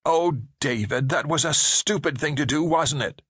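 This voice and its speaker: A man's voice: on the high side, a bit bright, slightly rough, no room sound, studio quality, voice pushed up. A man voicing a falsely sweet older woman. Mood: scolding sweetly. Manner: slow, coaxing and sugary.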